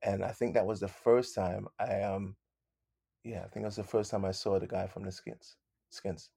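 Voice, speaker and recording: A London-raised man in his fifties speaks with a fairly low voice and a light London accent. He tells stories in an easy, laughing way and acts out other people's lines. The sound is dry and close. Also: level tone, moderate pace, creaky, mellow, breathy edge, no echo. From London, England. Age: 50s. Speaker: musician guest. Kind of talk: casual interview storytelling.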